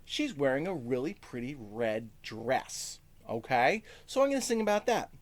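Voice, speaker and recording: A male music teacher giving a first-grade lesson, speaking slowly to young children, checking in with "okay?" and singing short lines. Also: mid-range voice, big pitch swings. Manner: lots of "okay?" check-ins.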